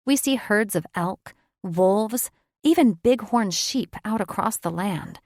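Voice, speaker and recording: A woman's voice: mid-range voice, expressive, takes it slowly, darkish tone, dry recording, clean studio sound. Reflective woman narrating an audiobook. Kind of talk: first-person audiobook narration.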